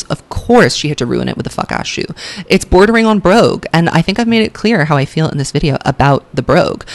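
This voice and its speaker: A woman chats through fashion commentary with a lively, bouncing pitch. She is sassy and blunt, swears freely, and stretches her words for emphasis before rushing ahead. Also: vocal fry. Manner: sassy, gushing and cutting by turns, swears freely; drawls words for emphasis, then rushes. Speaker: pop culture vlogger.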